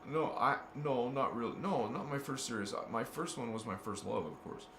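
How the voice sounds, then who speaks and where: A man's voice: medium pitch, animated, normal speed. Rambling man in an echoey room. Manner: meandering, with frequent restarts and stammered repeats. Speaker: spiritual vlogger. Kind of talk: rambling casual monologue to camera. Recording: echoey room with faint background noise.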